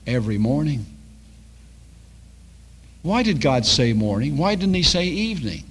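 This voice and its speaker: A man's voice: a little high, sing-song, measured pace, slightly rough. An older man preaching a sermon as a pastor, telling stories and acting out the dialogue.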